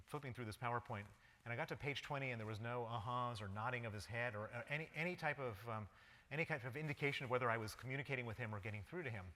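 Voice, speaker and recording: The long reverb of a lecture hall surrounds this guest lecturer's mid-range, sharp-toned voice. He's giving a public talk, bringing a personal story to life in the present tense.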